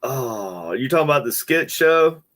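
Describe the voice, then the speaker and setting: A man co-hosting a paranormal podcast in relaxed chat. He jokes around, teases the guest and laughs easily. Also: mid-range voice. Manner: joking, quick to laugh. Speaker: podcast co-host. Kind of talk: casual chat.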